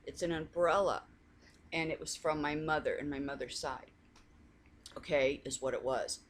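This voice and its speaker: A woman's voice: deep voice, level tone, moderate pace, a little hiss or hum. A woman talking in a casual coffee chat, rambling through family stories with many restarts and laughing now and then. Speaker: faith vlogger.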